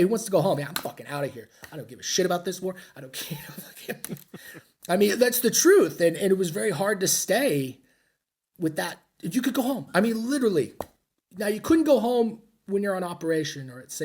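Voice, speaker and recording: High-pitched yet darkish in tone and slightly rough, this middle-aged American man is a military veteran guesting on a podcast. He tells war stories in a casual interview, rambling, blunt, profane and self-mocking.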